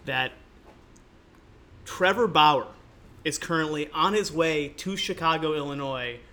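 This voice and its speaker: Laughing, halting man co-hosting a podcast. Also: fairly high pitch, pushed and bright. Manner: laughs often, halting with many fillers. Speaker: podcast co-host. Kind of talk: casual chat.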